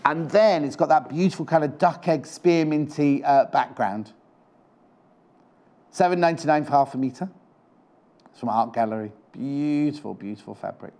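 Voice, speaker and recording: A man hosts a live home shopping broadcast from a TV studio, selling fabric in a chatty, teasing way. His voice sits a little high for a man, and he keeps up a running patter of prices and jokes. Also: normal speed, dark tone. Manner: chatty, jokey, teasing asides. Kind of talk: live TV sales chat.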